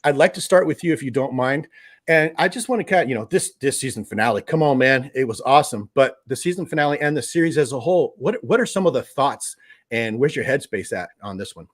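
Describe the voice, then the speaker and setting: A man's voice: mid-range voice, lively intonation, fast. A man hosting a live streamed show, chatting casually and joking while greeting viewers from the chat by name. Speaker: host of a collectibles show's live stream.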